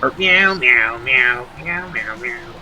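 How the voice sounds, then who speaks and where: A man's voice: animated, slow, bright, forceful tone, faint music behind, full character voice. A man meowing as a playful house cat. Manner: repetitive meowing in varied pitches.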